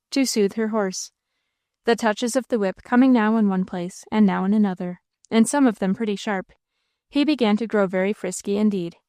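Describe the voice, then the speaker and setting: Woman reading an old novel aloud, steady and expressive, middle pitch, dry close mic. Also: dry recording. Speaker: audiobook narrator. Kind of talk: scripted narration.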